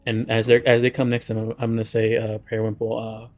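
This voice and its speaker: A man speaks in character at a game table, stumbling through restarts while he reassures someone. His voice stays flat and even. Faint music plays behind him. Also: medium pitch, fast, hardly any pauses. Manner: hesitant, reassuring, many restarts. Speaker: player.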